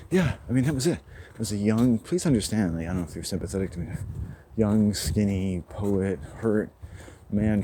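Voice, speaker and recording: A man with a lowish voice rambles through a loose, unscripted monologue while walking outdoors. He drifts from thought to thought, laughs between phrases and swears freely. Clear outdoor noise runs under the phone recording. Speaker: vlogger. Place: outdoors, woods.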